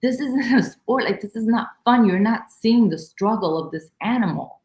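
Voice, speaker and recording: A woman appears as a guest in an interview, recounting a personal story with animation and emotion and acting out exclamations. Her voice sits on the high side at a moderate pace, and the recording has a roomy echo.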